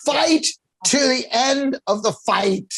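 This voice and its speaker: A man's voice: very high-pitched, slow pace, crowd noise. A man co-hosting a casual sports podcast, telling stories with lots of swearing and energy. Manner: animated storyteller, swears freely. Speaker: podcast co-host.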